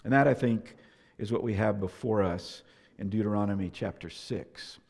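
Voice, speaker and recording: Male pastor, gravelly, mid-pitched; casual storytelling sermon, lots of "uh"; long church-hall reverb. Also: moderate pace, darkish tone. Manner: conversational storytelling with many fillers. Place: church sanctuary. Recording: echoey hall.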